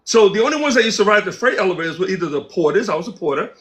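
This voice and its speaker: A man guest in an interview, telling a story in a casual, animated way and acting out the quoted dialogue. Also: high voice, racing. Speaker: interview guest, music producer.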